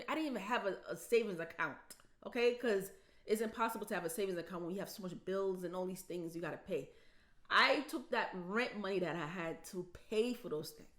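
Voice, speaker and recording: A woman's voice: medium pitch, a bit bright. A woman from the United States telling a story in a casual vlog, emotional and repetitive, her voice cracking with tears. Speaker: vlogger.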